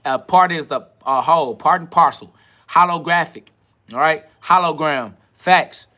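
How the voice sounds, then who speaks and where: A man hosts a livestream rant. His voice sits a bit high and sounds tense and forceful, and he talks in a confrontational, preachy way, full of profanity. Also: a little slow. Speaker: podcast host. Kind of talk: livestream self-talk rant.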